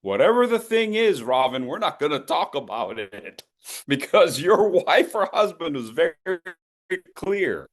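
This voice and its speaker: A man leading an online public speaking workshop, coaching participants and swinging between loud and soft to demonstrate. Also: a little high, very animated, unhurried.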